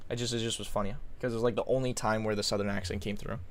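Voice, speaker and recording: A man streaming live, chatting casually and reacting in quick, slangy bursts. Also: on the low side, level tone, slight background noise.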